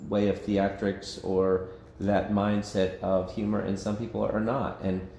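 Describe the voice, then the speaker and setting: A man's voice: on the low side, little pitch movement, measured pace, vocal fry, mellow, roomy sound, a little hiss or hum. A man leading an informal Bible study discussion as pastor, conversational and self-interrupting, often laughing. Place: church meeting room.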